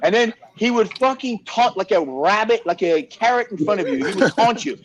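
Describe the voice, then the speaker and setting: Man, host, high voice, profane, animated storytelling. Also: normal speed, noisy background. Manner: animated storyteller, profane, acts out other people's lines. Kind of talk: casual chat.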